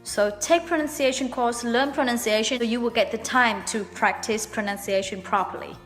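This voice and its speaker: Woman, English teacher, patient explaining, reverberant room, soft background music. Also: on the high side. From Vietnam. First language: Vietnamese. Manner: explains patiently, repeats example words slowly. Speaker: English teacher, channel host. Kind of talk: casual video lesson.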